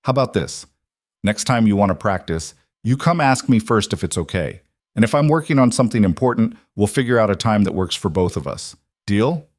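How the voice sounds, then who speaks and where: A man's voice: on the low side, lively intonation, dry recording, studio quality. A man voicing a tense, stressed career woman. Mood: strained. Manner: clipped, tense, quick to defend herself.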